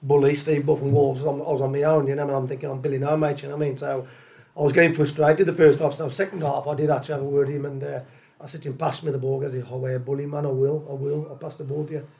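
An older man, a former footballer telling casual, animated stories as a podcast guest, repeating phrases often. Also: a little high, rapid-fire, vocal fry. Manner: animated, repeats phrases, lots of uh and you know what I mean. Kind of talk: casual anecdotal storytelling.

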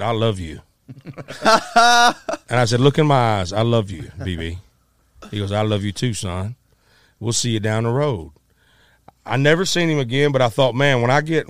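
A middle-aged man, a musician, telling a story in a casual, animated way, acting out quotes with many restarts. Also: medium pitch, dry recording, clean studio sound.

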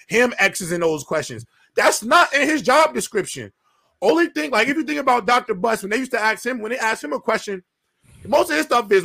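A man hosts a football debate with a high, bright voice. He sounds blunt and opinionated. The recording is dry and close. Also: creaky, dry recording. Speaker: host. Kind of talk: casual sports debate.

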